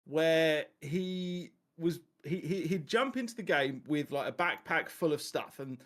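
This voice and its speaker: A man with a fairly high voice chats loosely on a podcast. He rambles, swears casually and laughs between thoughts. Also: animated, measured pace, a bit bright. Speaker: podcast host.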